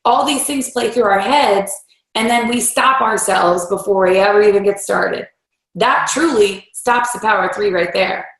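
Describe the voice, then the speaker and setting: A woman with a mid-range voice speaks at normal speed, leading a team training with a motivational talk. She's animated and acts out voices in quotes, and the recording has a roomy echo.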